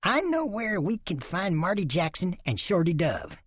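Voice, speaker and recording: A man voicing an eager, excitable short male saddle maker who stammers. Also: high-pitched, normal speed, no echo, clean studio sound, pitched above the performer's own voice.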